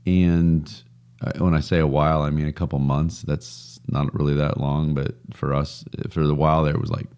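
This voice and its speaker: Very deep-voiced chatty man. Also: little pitch movement, moderate pace, darkish tone, clean tone. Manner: chatty, laughs often, jokey asides. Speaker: podcast co-host. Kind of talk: casual podcast chat.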